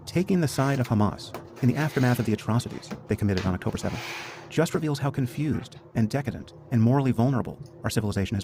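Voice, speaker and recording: Fast, argumentative man in a noisy clip. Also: medium pitch. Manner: measured, argumentative. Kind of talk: recorded speech clip. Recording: noisy played-back clip.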